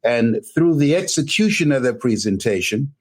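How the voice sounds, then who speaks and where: Lively-voiced older man preaching motivation. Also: medium pitch, normal speed. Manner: preacher-like, whooping and emphatic. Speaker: motivational speaker. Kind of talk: energetic motivational talk. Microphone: camera in a room.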